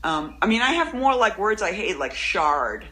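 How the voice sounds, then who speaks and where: A woman poet talks as a guest in a casual interview. Her tone is bright and sharp, and she rambles and interrupts herself with animated energy. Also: medium pitch, normal speed, slightly rough, poor audio.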